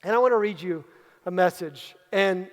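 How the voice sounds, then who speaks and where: High-voiced man giving an emphatic keynote. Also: normal speed, big-room sound. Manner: emphatic, repeats key phrases for effect. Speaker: leadership coach. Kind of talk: motivational keynote talk. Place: large event hall at a live retreat.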